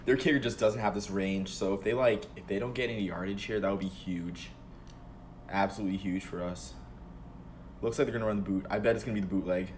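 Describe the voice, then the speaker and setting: Excitable young man streaming a football game. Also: fairly low pitch, quick pace, background noise. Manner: excitable, swings between calm play-calling and loud outbursts. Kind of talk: live gameplay commentary.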